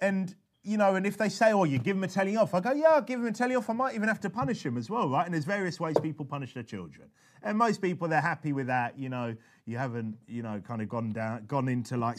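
A man giving an animated, conversational teaching talk as a preacher, often restarting his sentences. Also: medium pitch. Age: adult father. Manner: animated and chatty, with frequent restarts. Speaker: preacher teaching soul-winning.

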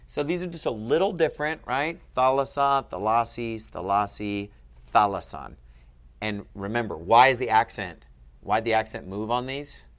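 In a one-on-one Greek grammar lesson, a tutor speaks expressively at a moderate pace in a medium-pitched voice. He patiently steers his student along by asking leading questions.

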